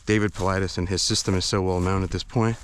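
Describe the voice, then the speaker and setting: A man's voice: low-pitched, little pitch movement, quick pace, a little hiss or hum. A man vlogging while hiking outdoors in a forest, out of breath, talking in a rambling, hesitant way. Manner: rambling, hesitant, many fillers and restarts. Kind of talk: casual walk-and-talk vlog.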